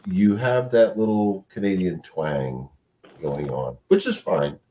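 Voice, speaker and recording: A man's voice: sits low, expressive, takes it slowly, warm tone. A man joining a livestream as a guest in casual chat, joking and swearing freely.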